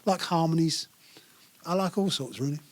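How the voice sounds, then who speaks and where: An older English musician being interviewed, telling long stories in a relaxed way with many restarts and fillers. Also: male voice, a little high, a little fast. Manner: rambling storyteller with frequent restarts and fillers. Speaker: musician guest. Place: small live venue.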